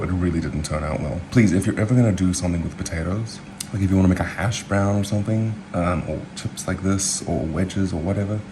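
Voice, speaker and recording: A man's voice: sits low, background noise. A man from New Zealand who hosts his own cooking video, chatting in a loose, rambling way full of asides and filler words. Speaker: home cook vlogger. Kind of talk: casual cooking chat.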